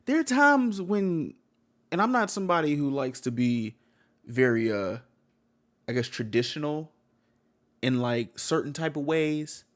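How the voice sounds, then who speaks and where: A man's voice: on the high side, sing-song, unhurried, pauses often. A man giving heated reaction commentary on a video, blunt and slangy, swearing and repeating himself.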